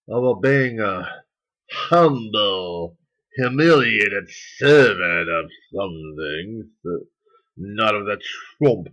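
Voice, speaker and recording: A man's voice: mid-range voice, dull audio, heavily acted. A man voicing a pompous, ranting male political zealot in a satirical rant to camera. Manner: pompous, bombastic proclamations.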